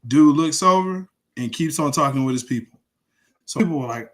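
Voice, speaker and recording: A man co-hosting a sports podcast, talking casually, tossing in quick agreement and acting out quotes when he tells a story. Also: on the high side, expressive. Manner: conversational, frequent agreeing backchannels, acts out quotes. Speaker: podcast co-host.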